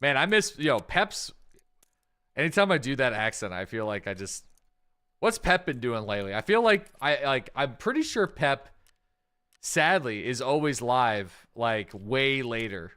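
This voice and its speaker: A man's voice: medium pitch, big pitch swings, measured pace, sharp tone, clean tone. Rambling man streaming a game. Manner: rambling, thinking aloud with many fillers. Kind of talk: casual live-stream gameplay chat.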